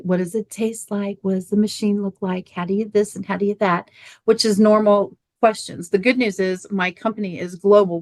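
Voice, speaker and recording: A middle-aged woman, a guest on an interview show, telling a lively personal story and acting out family dialogue. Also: medium pitch, no echo. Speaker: guest, water machine business owner.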